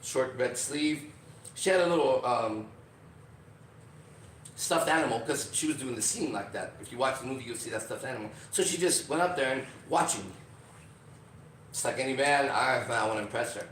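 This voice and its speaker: A man's voice: medium pitch, normal speed, long pauses, a bit bright. A man hosting a podcast, telling a story with energy, acting out the lines people said and often asking "right?". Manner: acts out quoted lines, often adds "right?". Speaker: podcast host. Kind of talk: animated storytelling. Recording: roomy, distant mic with faint noise.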